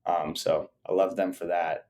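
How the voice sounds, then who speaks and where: Easygoing chatty man, lowish voice. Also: little pitch movement, measured pace, darkish tone, soft background music. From Las Vegas area. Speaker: podcast co-host. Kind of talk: casual chat.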